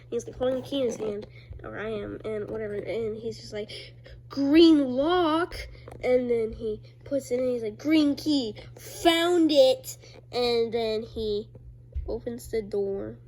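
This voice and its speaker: A woman casually walking through her own homemade comics, rambling and full of fillers, now and then bursting into loud high character voices. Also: little pitch movement, normal speed. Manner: rambling, filler-heavy, loose storytelling. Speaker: creator reading own comics. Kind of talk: casual chat.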